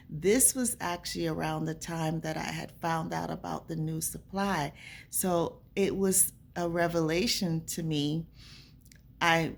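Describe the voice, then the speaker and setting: A woman's voice: low voice, vocal fry, a little hiss or hum. A woman vlogger telling a personal story to camera in an earnest, conversational way. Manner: earnest, conversational, acts out remembered dialogue.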